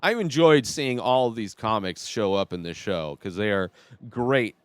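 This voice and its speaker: A man's voice: fairly low pitch, expressive, moderate pace, smooth, no room sound. Chatty man reviewing a show, dry sound. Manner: chatty and opinionated, thinking aloud. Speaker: podcast host reviewing a TV series. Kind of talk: casual solo review.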